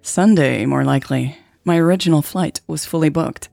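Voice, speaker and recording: A woman voicing a calm, wry woman who speaks in a dry, teasing way. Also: deep voice, normal speed, gravelly, dry recording.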